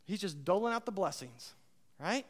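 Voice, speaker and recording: A man preaching a sermon as pastor, impassioned, swinging between loud outbursts and hushed moments. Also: high voice, animated, normal speed. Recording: long reverb of a large hall.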